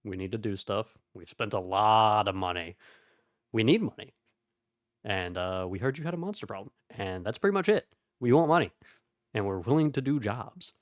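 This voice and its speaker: A man playing a character in a tabletop game, joking and animated. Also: fairly low pitch, normal speed, no room sound, studio quality. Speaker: player. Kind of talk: casual in-character play.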